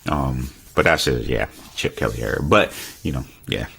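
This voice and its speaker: A man's voice: extremely low pitch, normal speed, vocal fry, fairly bright tone, husky. A man co-hosting a casual sports talk podcast, rambling with frequent fillers and restarts. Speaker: podcast co-host.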